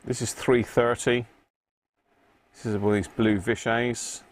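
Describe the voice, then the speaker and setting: A man hosts a casual live stream, greeting viewers by name and muttering to himself as he works. His voice sits at an ordinary middle pitch. A faint hum of room ambience runs underneath. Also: level tone, measured pace. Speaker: live-stream host repairing electronics. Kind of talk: casual live-stream chat while working.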